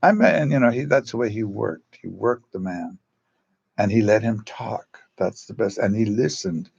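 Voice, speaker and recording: A man who teaches drama, telling rambling stories in a halting way and acting out quotes in changed voices. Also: on the low side, creaky, darkish tone, breathy edge, highs cut off. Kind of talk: storytelling, casual talk.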